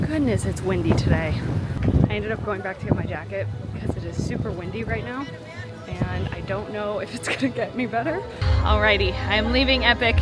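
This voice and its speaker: Young female vlogger, excitable and chatty, voice a bit high, music bed behind. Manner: bubbly and excitable, chatty asides. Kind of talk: casual travel vlog to camera. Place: theme parks, outdoors and at home.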